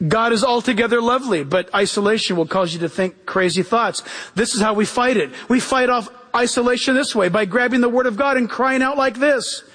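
A man's voice: extremely high pitch, a little fast, a bit bright. A male pastor preaching a fervent sermon, quoting scripture and crying out with exclamations.

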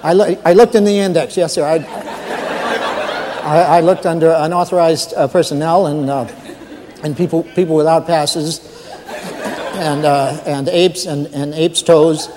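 A man's voice: on the high side, steady tone, measured pace, long pauses, in a large hall, a crowd in the background, noisy background, natural voice. A man playing a nervous new male night guard who stammers politely on the phone to his boss. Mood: flustered. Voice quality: stammering, hesitant, overly polite. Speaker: comedian.

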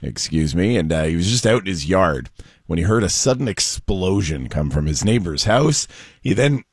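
A man co-hosting a radio show, briskly telling news stories in a casual way, his throat a little rough. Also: low voice, animated, dry recording, studio quality. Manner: brisk storytelling of news items. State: slightly hoarse throat. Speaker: radio co-host.

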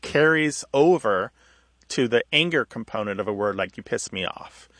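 A man's voice: mid-range voice, expressive, moderate pace, fairly bright tone, no echo. A male radio co-host explaining how words become vulgar, thoughtful and patient, with small restarts. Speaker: radio show co-host, language expert.

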